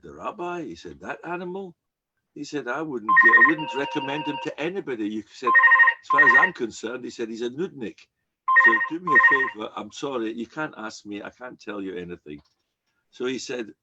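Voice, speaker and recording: Man, rabbi's sermon, lively storytelling, husky voice, dull lo-fi recording. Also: mid-range voice. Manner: animated storyteller acting out quoted characters.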